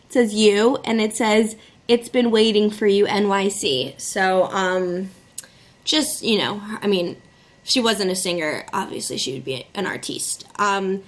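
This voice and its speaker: A young woman vlogger telling a story to the camera in an excitable, chatty way, with plenty of fillers. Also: mid-range voice, a little slow.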